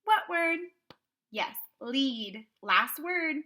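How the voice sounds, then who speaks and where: Woman kindergarten teacher, bright tone, very slow deliberate phonics prompts, cheerful and clear. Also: high voice, expressive. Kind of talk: online phonics lesson.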